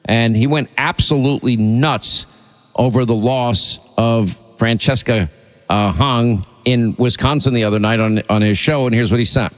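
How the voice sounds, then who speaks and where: Male talk radio host, indignant and rambling, average pitch, reverberant sound. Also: normal speed. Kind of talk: opinionated talk radio monologue.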